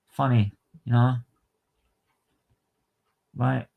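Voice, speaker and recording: A man's voice: medium pitch, a little slow, long pauses, lo-fi sound. Guy hosting a stream, fired up and ranting, keeps repeating himself and swearing. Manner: ranting, repeating phrases, swearing, British slang. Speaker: livestream host. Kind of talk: heated fan commentary on a livestream.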